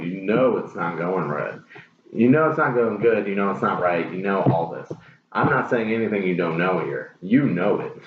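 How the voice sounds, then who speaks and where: A man giving a casual tarot reading, blunt and profane, repeating his phrases for emphasis. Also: lowish voice. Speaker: tarot reader. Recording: roomy, dull lo-fi with clear hiss.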